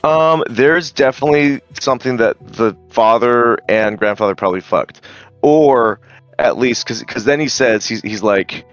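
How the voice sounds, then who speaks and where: A man's voice: medium pitch, normal speed, muffled recording, soft background music. A man casually retelling a story, hesitant with many ums and some swearing. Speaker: streamer.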